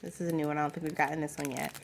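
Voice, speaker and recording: A woman's voice: sits low, fairly even intonation, very fast, slight background noise. A young woman vlogging at home in a casual, rambling chat with lots of fillers.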